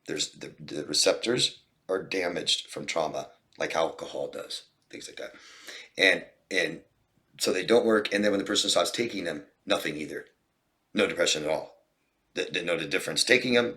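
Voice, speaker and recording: Male coach, very low voice, earnest and direct, answering viewer questions. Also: pushed and bright. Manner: earnest, direct, many restarts. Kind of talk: Q&A advice talk.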